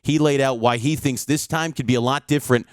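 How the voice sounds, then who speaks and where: A man's voice: medium pitch, steady tone, a little fast. A male sports reporter giving a confident, stat-heavy preview of a college football game.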